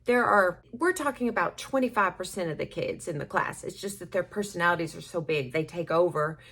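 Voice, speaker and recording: A woman's voice: on the low side, lively intonation, brisk, a bit bright. A woman teacher chatting at home while getting ready, rambling and self-deprecating with occasional laughs. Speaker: schoolteacher. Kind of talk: casual get-ready-with-me chat.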